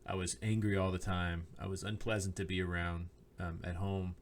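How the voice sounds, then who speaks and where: Low-voiced man telling a personal story. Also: little pitch movement, normal speed, a little hiss or hum. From Oklahoma. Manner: storytelling, acts out quoted lines, laughs often. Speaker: podcast co-host, minister. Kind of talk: casual chat, personal story. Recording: podcast microphone.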